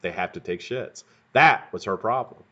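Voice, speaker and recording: A man's voice: lowish voice, moderate pace, bright, forceful tone. A man hosting a live stream, telling a rambling, profane story in a casual way. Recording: dull lo-fi stream audio.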